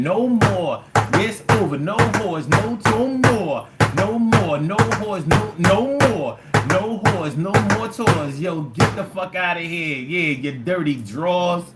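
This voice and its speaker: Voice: medium pitch, lightly acted. A streamer voicing a brash, swaggering male island dictator who chants boastful, profane lines over and over.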